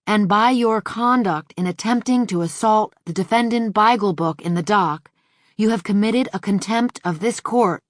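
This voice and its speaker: A woman's voice: mid-range voice, moderate pace, no echo, studio quality, lightly acted. A woman narrating an audiobook, reading the lines of a furious elderly male judge in a stern manner.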